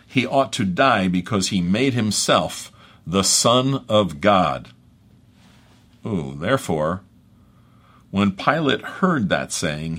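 A man's voice: on the low side, a bit bright, slightly rough. A man preaching an expository sermon, reading scripture aloud with dramatic emphasis and breaking off into conversational asides. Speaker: pastor.

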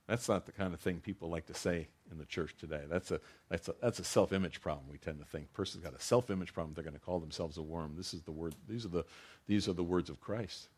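A man's voice: sits low, fast talker, darkish tone, breathy edge. A man preaching a sermon as a pastor, earnest, often restarting his phrases and rising into emphatic bursts.

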